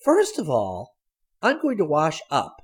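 A spunky, self-sufficient young woman in a storybook reading, put on by a man. She talks briskly and decisively, her voice raised high above his own and swinging widely. A husky edge runs under it. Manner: lively, decisive, matter-of-fact.

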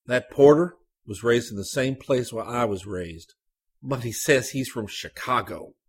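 A man voicing a brooding young Southern man with a high, nasal Tennessee accent, speaking louder and higher than his narration. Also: a little slow, husky. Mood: sullen, insistent.

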